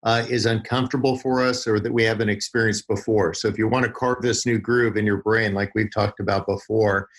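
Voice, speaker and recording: A man with a husky, slightly rough voice speaks as a podcast guest. He talks in a folksy storytelling way and leans on vivid images. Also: on the low side, level tone, fairly quick, few pauses. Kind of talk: podcast interview.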